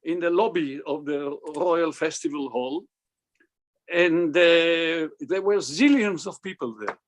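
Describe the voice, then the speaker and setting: Older man telling lively stories. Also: fairly high pitch, slight background noise. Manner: animated, acts out quoted dialogue. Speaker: cantor, interviewee. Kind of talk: anecdotal storytelling.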